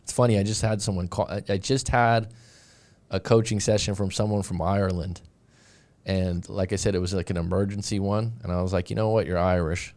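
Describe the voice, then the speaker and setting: A man with a somewhat low voice talks loosely through viewer questions as a dating coach on a live stream. He rambles, restarts his sentences and drifts into side stories, keeping a relaxed, chatty flow. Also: fairly quick. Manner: rambling, with many restarts and asides. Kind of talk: casual live-stream chat reading viewer comments.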